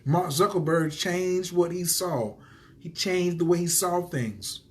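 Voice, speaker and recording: A man's voice: high voice, takes it slowly. A man hosting a motivational livestream for entrepreneurs, telling a story with energy, acting out the people he quotes, and greeting viewers by name. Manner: animated storyteller who acts out quoted voices.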